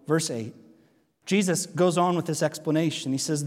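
Male pastor with a high voice, earnest sermon delivery full of questions to the congregation, recorded in a church hall with a long echo. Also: normal speed, darkish tone. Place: church sanctuary.

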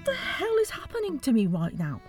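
A woman's voice: high voice, wildly swooping pitch, a little fast, darkish tone, faint music behind, voice pushed up. A woman voicing a sarcastic, exasperated young witch in an audiobook. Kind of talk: audiobook character reading.

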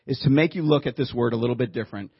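A man with a husky, slightly breathy voice delivers a sermon in a relaxed storytelling manner, teasing his listeners now and then. The recording sounds dull and lo-fi, as though captured in a church room. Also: mid-range voice, very fast. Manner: conversational storytelling, joking with the audience. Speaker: pastor. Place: church room before a congregation.

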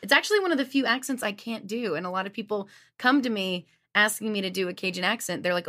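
A woman's voice: mid-range voice, fast, few pauses, bright, forceful tone. A woman from Louisiana with no regional accent, a voice actor chatting as a podcast guest in an upbeat way and laughing easily. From Louisiana, USA. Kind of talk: casual podcast chat.

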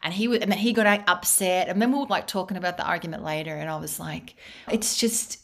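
A woman's voice: on the low side, fast talker, vocal fry, a bit bright. A young adult woman hosting a podcast, telling a story in a casual, chatty way and laughing often. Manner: laughs often, tells stories with restarts. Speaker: podcast host. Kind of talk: casual interview chat.

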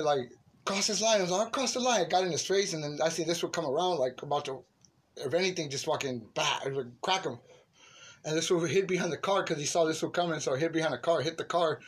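A man casually telling friends a profane story, acting out the shouting parts. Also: on the high side, fast talker, slightly rough. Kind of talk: casual chat. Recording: noisy room recording.

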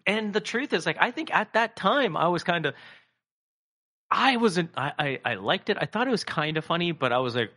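A man co-hosting a casual comedy chat, rambling and animated, swearing freely and acting out quoted voices. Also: sits high, normal speed. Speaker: podcast co-host.

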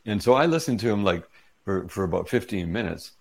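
Man, middle-aged, interview guest, gravelly, husky, animated storytelling. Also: on the low side, a little fast. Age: 40s or 50s. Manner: animated retelling with quoted dialogue. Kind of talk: casual storytelling.

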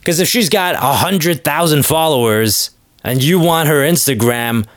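A man's voice: on the high side, a little slow, dry recording, studio quality. A man doing a comedic monologue with a rambling, sarcastic delivery full of fillers. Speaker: comedic podcast host.

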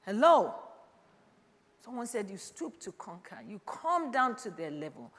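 A woman in her fifties preaching a sermon, calling out to her listeners and swinging between loud urging and quiet reflection. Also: mid-range voice, very animated, measured pace. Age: 50s. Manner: calls out "Hello?" to the congregation, swings from loud to quiet. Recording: long hall reverb.

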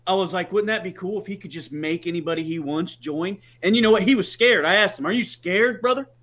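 A man's voice: sits high, a little fast, a bit bright. A man in his thirties co-hosting a casual chat, telling a family anecdote with short, agreeable remarks. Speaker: podcast co-host.

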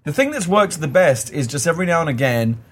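A man's voice: fairly high pitch, sing-song, quick pace, breathy edge. Sleep-deprived man hosting a long chat. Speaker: host. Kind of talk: casual chat.

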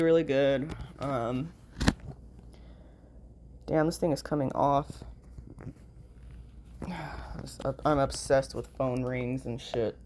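A woman's voice: low voice, a little mellow, slight background noise. A tired, sleep-deprived woman with a nasal voice, talking in a rambling casual vlog, full of "like" and "you know" and freely swearing. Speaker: vlogger.

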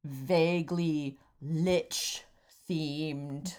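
An older woman co-hosting a podcast as a DJ, chatting casually in a dry, deadpan way with halting fillers. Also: low voice. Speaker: podcast co-host and DJ. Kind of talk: casual chat.

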